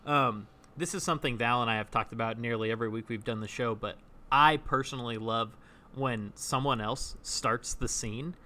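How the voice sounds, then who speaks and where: A man with a bright, forceful, medium-pitched voice speaks at a moderate pace as he co-hosts a casual podcast. The talk is about improv, and he's chatty and enthusiastic, frequently restarting what he says.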